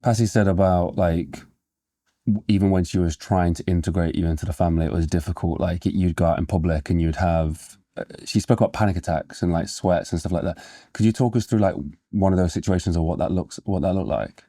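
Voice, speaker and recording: A male interview host with a very deep, dark voice asks his questions softly and haltingly. He is recorded dry and close, with no room echo. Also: steady tone. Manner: soft-spoken, halting with fillers.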